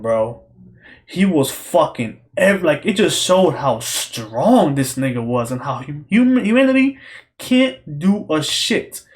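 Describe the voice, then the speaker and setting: A young man talks alone in an excited, rambling way, heavy on slang and swearing. His voice sits a little higher than most men's. He keeps circling back and repeating himself as he reviews. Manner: excited, profane, repetitive slang-heavy talk. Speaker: podcast host reviewing a show. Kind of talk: casual solo rambling review.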